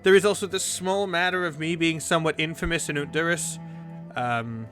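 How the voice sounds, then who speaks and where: A man voicing an evasive young nobleman who talks haltingly, with many pauses. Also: a little high, steady tone, fairly bright tone, soft background music, natural voice. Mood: hesitant. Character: evasive young nobleman hiding his title.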